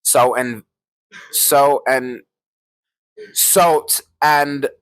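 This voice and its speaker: A man's voice: medium pitch, steady tone, drawn-out words. A young man co-hosting a casual podcast, joking and teasing, sometimes drawing out his words. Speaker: podcast co-host. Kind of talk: casual chat.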